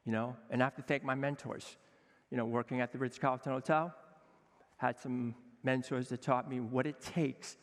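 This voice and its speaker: A man in his sixties, a chef giving an energetic, emphatic conference talk, acting out quoted dialogue. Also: mid-range voice. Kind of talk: conference speech. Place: conference hall with a seated audience. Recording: long hall reverb.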